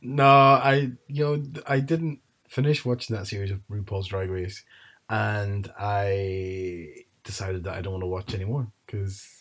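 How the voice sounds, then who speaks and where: A man's voice: fairly low pitch, little pitch movement, measured pace, fairly bright tone. A man, telling rambling family anecdotes in casual chat and mimicking his relatives. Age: 30s.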